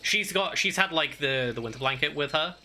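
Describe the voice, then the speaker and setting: A man's voice: on the high side, a little fast, sharp tone, slight background noise. A man, narrating a tabletop game as game master in a rambling, casual way full of filler words.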